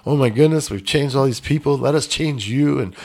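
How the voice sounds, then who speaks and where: A man's voice: mid-range voice, fairly quick, a little mellow. A man telling a personal story in a casual interview, blunt and emphatic with some swearing. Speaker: podcast guest.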